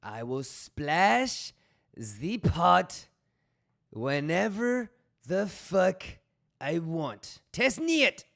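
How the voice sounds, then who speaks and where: A man's voice: a little high, very animated, extremely slow, gravelly, pauses often, fairly bright tone. A man hosting a live stream, joking around loosely with swearing and greeting viewers by name. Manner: loose, profane banter reading chat messages aloud; hyped, calling out viewers by name. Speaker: livestream host. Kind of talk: casual livestream chat.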